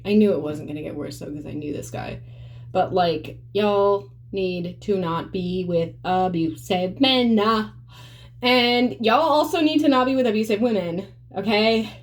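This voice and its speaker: A woman's voice: lowish voice, a little mellow. A young woman telling a personal story to her viewers in a blunt, profane, conversational way. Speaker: vlogger. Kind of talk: candid storytelling vlog.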